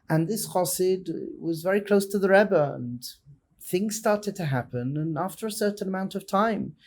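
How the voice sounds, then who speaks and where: A man, a rabbi, telling a story in a sermon, dramatic and swinging between loud and hushed passages. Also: a little high, slightly rough.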